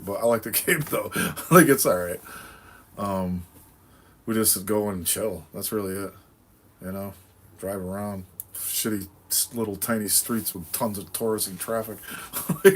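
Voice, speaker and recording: A somewhat low-voiced man from New England hosts a casual livestream and answers viewer comments as they come in. He rambles in a relaxed, easygoing way, swears freely and laughs often between his thoughts. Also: slightly rough. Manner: laid-back, profane, rambling with frequent laughs and fillers. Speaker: livestream host.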